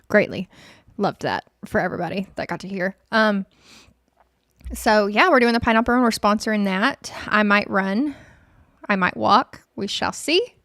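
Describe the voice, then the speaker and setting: A woman's voice: mid-range voice, moderate pace, fairly bright tone, dry recording, studio quality. Bubbly chatty woman. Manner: bubbly, self-mocking, chatty. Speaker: credit union guest. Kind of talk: casual chat.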